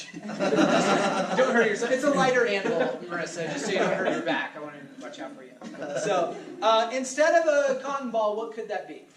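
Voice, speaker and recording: Bubbly improv teacher hosting a live show. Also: female voice, medium pitch, lively intonation, moderate pace. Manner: upbeat, laughing often, coaxing the audience. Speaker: improv class instructor and host. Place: theater stage before a live audience. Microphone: far room mic. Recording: echoey room, far from the mic, crowd.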